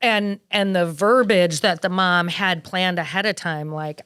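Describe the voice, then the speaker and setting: Smooth-voiced woman telling lively stories. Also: fairly low pitch, measured pace, few pauses, no echo, studio quality. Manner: lively, animated storytelling. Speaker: wedding planner guest. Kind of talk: casual podcast interview storytelling.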